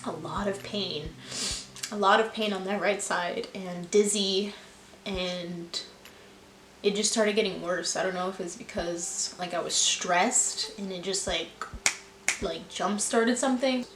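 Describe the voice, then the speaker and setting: A woman's voice: medium pitch, steady tone, normal speed, fairly bright tone, slight background noise. Woman telling a personal story, echoey room. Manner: candid, reflective, lots of fillers. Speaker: vlogger. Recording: echoey room with music behind.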